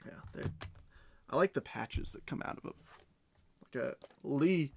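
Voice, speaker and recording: A man hosting a live card-breaking stream, reading off pulls quickly and chatting with his viewers. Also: on the high side, animated, creaky, darkish tone, a little hiss or hum. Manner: rapid rundown of cards, chatting with viewers.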